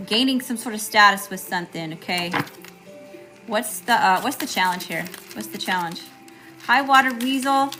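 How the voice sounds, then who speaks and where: A woman's voice: medium pitch, moderate pace, sharp tone, faint music behind. A woman with a Southern accent doing a live tarot reading, chatty and casual, greeting viewers by name between cards. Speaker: tarot reader.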